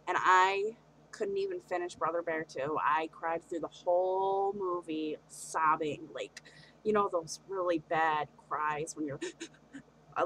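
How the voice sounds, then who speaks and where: A woman's voice: fairly low pitch, lively intonation, a little slow, a bit bright, a little hiss or hum, low-quality recording. A young woman talking through a personal confessional vlog, hesitant and earnest, with many fillers and restarts. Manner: earnest and open about her feelings. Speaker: vlogger.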